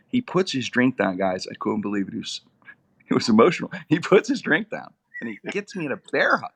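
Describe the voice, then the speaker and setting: Creaky-voiced man telling a lively story. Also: a little fast. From Pittsburgh area, USA. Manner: lively, comic, with big swings in pitch. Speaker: radio personality and podcast host, guest. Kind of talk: animated storytelling.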